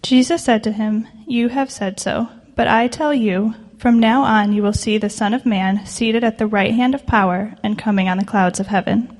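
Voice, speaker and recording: A woman reading scripture aloud in a church service, clear and even. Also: fairly high pitch, normal speed, hardly any pauses. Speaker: scripture reader.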